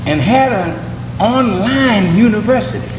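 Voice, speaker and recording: An older man preaching a fiery sermon as a minister, rising to shouts and then dropping low. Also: lively intonation, a little slow, long reverb tail, background noise. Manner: preaching with shouted peaks and sudden drops. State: fired up.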